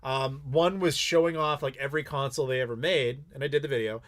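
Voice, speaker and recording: A man's voice: medium pitch, quick pace. A male YouTuber hosting a casual live Q&A, talking bluntly and swearing freely as he tells stories. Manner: candid, blunt, swears freely, animated storytelling. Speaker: YouTuber host.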